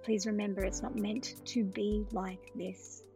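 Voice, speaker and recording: A middle-aged woman hosting a solo podcast, speaking gently, slowly and reflectively to her listeners. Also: medium pitch, flat delivery, music in the background. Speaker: podcast host.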